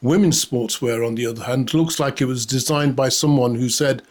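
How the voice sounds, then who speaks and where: A man's voice: medium pitch, moderate pace, hardly any pauses, a little mellow. A man delivering a satirical comedy monologue in a sarcastic, mock-outraged way, often laughing at his own jokes. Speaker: comedy host.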